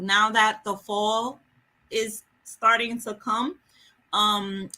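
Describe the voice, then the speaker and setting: Slow, bright-voiced woman chatting casually. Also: medium pitch. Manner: chatty and joking, answering viewer comments. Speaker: book vlogger host. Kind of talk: casual livestream chat. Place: home in a city.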